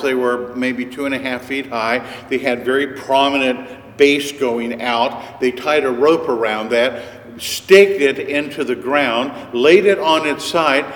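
A man preaching a sermon, telling stories in an unhurried, conversational way. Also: mid-range voice. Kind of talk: sermon storytelling. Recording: echoey hall with long reverb.

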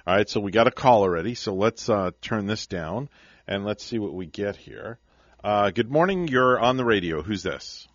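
A man's voice: on the low side, lively intonation, no echo. A man hosting a morning radio show, talking casually and laughing easily with callers. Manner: upbeat, quick to laugh. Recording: muffled broadcast audio.

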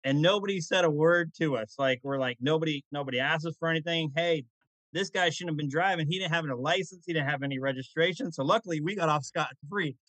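Man, podcast co-host, casual rambling storyteller, fairly high voice, dry close sound. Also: fast, fairly bright tone, dry recording, rough recording. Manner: rambling, self-correcting storyteller.

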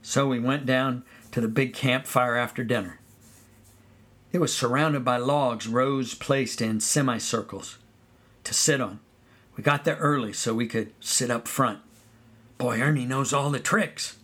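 Man telling a childhood memoir. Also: mid-range voice. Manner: relaxed storytelling, sings song snippets. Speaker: storyteller. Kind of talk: first-person memoir narration.

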